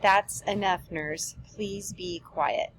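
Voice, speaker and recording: Woman reading a businesslike noble mother, firm, matter-of-fact, mid-pitched. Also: animated, normal speed, darkish tone, a little hiss or hum, close to an everyday voice, low-quality recording. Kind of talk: reading a play aloud.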